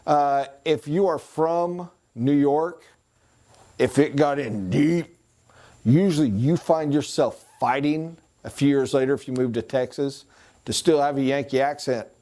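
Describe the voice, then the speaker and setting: In a recorded training lecture, a man teaches a sales class conversationally, his voice a little high and mellow. He sometimes puts on voices and accents to make a point and pauses to write on a board.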